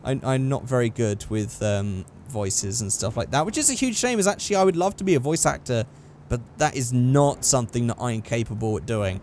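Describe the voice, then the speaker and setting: A man's voice: mid-range voice, expressive, fairly quick, a little mellow, a little hiss or hum. A young man giving sarcastic, exasperated running commentary while playing a driving game. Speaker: gaming channel host. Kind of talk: let's play commentary.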